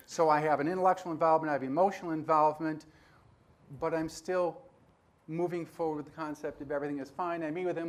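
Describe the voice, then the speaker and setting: A man in his sixties giving a conference talk, telling stories and acting out dialogue with animated energy. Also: a little high, quick pace. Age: 60s. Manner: animated storyteller who acts out dialogue. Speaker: conference speaker. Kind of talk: storytelling keynote talk.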